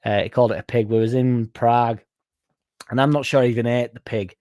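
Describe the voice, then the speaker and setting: A man's voice: mid-range voice, fairly even intonation, brisk, darkish tone. A young man hosting a casual livestream, reading out comments and going off on sweary, rambling tangents. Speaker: fan channel livestream host.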